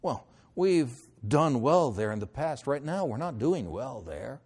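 A middle-aged man preaching a sermon, moving between loud declarations and hushed, pleading lines. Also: medium pitch, big pitch swings, measured pace, slightly rough. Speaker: pastor.

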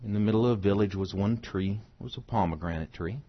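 A middle-aged preacher delivers a sermon in a low, husky voice. He is emphatic and swings from soft to loud. The recording sounds muffled and dull. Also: fast. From United States.

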